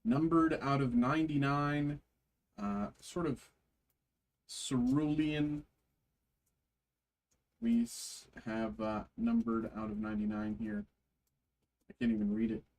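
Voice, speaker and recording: A man hosting a trading card break, reading card names aloud slowly with frequent fillers. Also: on the high side, expressive, gravelly, darkish tone, low-quality recording.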